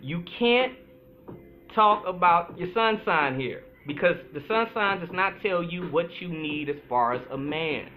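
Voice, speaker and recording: Animated man on a tinny line. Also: high voice, a little hiss or hum. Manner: animated, chatty, playful, drawls some words slowly. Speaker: podcast host, astrologer. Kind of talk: casual solo talk. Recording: tinny phone-like sound with faint music.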